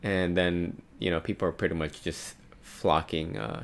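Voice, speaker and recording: A man's voice: low voice, fairly even intonation, moderate pace, creaky. A man casually reading a comic aloud and musing over it, with light voices for the quotes. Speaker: manga reader and commentator. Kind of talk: casual read-along commentary.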